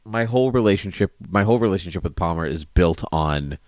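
A man with a very low voice chats casually about a TV show, recorded close and dry. He talks in a jokey, animated way and slips into silly bits. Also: quick pace, no echo. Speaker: podcast co-host. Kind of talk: casual TV recap chat.

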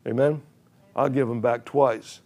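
A man's voice: mid-range voice, fairly even intonation, a little slow, a little mellow. An older man preaching a sermon in a church, telling a story with chuckles and many repeated words. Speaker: pastor.

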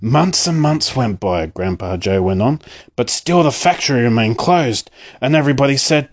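A man's voice: mid-range voice, normal speed. A man reading a storybook aloud, narrating expressively. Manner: expressive and lively.

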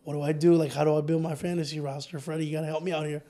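A man co-hosting a podcast, telling stories in a casual, excitable sports chat. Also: on the high side, rapid-fire. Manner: excitable, storytelling. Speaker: podcast co-host.

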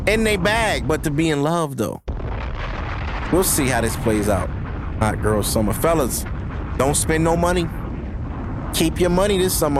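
A man's voice: on the high side, noisy background. A man hosting his own podcast, delivering a profane, emphatic solo rant that lectures his listeners. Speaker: podcast host.

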